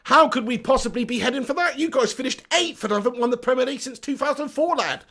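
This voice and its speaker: A young man hosting a casual fan-channel livestream reads out viewers' comments, speaking bluntly, swearing a lot and joking around. His voice is high, gravelly and fairly bright, and he talks fast.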